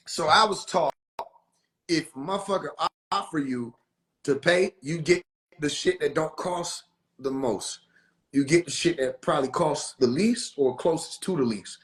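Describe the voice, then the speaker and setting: A man hosting a casual livestream, telling a story in an animated, profane way, laughing often and acting out the people he quotes. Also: fairly high pitch, unhurried, pauses often. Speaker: livestream host.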